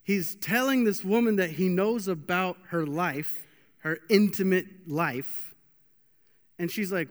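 A man's voice: sits high, takes it slowly. A young man preaching a casual, joking sermon with lots of restarts, in a church hall. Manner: animated, joking, with many restarts. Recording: long hall reverb.

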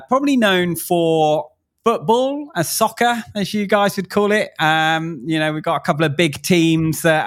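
Relaxed man with a Mockney twang. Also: a little high. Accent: Southeast London Mockney. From Southeast London. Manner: relaxed, hesitant with many ums. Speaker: podcast guest. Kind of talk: casual podcast interview.

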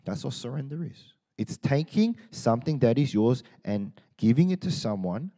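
A middle-aged Australian man preaching a sermon, telling stories in a joking, animated way. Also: medium pitch, normal speed. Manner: animated, joking storytelling with laughs. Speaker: pastor.

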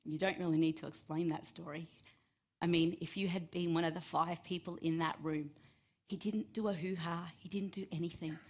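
A woman, teaching a Bible story to children in a chatty way, asking listeners by name and dropping to a hush for emphasis. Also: fairly low pitch, moderate pace. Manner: lively, chatty, asks listeners by name, drops to hushed tones for emphasis.

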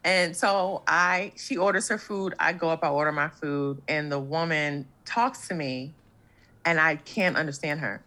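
A woman's voice: low-pitched, measured pace, sharp tone. A woman with a New York accent, a comedian guest chatting casually and acting out other people's voices in her stories. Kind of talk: casual storytelling chat.

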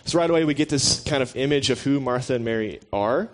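Relaxed male preacher, mid-pitched voice, joking, chatty sermon delivery. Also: quick pace. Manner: relaxed and joking, chats with the listeners. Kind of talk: casual conversational sermon.

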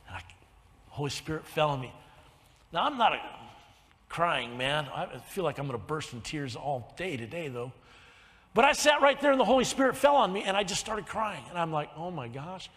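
High-voiced male pastor preaching in a hall. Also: sing-song, moderate pace. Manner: swings between hushed confession and loud preaching. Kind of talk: sermon with personal testimony. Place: church sanctuary.

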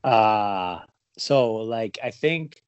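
A man's voice: fairly low pitch, expressive, extremely slow, clean tone, no room sound, dull audio. A man chatting casually as a podcast co-host, rambling and profane, poking fun at himself. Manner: rambling, profane, self-mocking theorizing. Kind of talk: casual chat.

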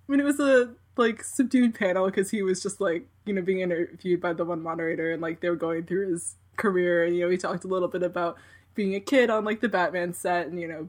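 A woman casually telling a long story, rambling with lots of fillers and frequent giggles. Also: lowish voice.

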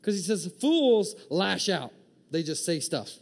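A man preaching a sermon to a congregation, animated and joking, acting out the inner voices of his listeners. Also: high-pitched, unhurried, creaky. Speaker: pastor.

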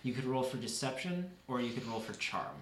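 Man, game master, measured casual narration, echoey room, faint noise. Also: medium pitch, lively intonation. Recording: roomy echo, faint noise.

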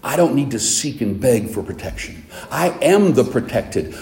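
Echoey, mellow-voiced male preacher. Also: mid-range voice, normal speed. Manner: animated storytelling preaching. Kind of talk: sermon.

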